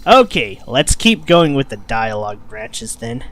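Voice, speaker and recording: A man's voice: mid-range voice, very animated, measured pace, fairly bright tone. A man streaming a story game, chatting casually with self-deprecating asides.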